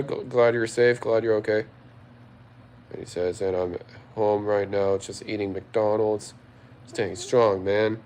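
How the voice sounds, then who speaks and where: A man's voice: lowish voice, dark tone, a little hiss or hum. A tipsy man hosting a livestream, reading chat aloud and answering in a rambling way, repeating himself often. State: tipsy after a few drinks.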